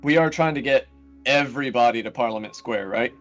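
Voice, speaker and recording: A man's voice: medium pitch, a little fast, dull audio, faint music behind. A man playing a tabletop roleplaying game, explaining his turn in a casual, hesitant way. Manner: casual, hesitant, many fillers. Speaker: player.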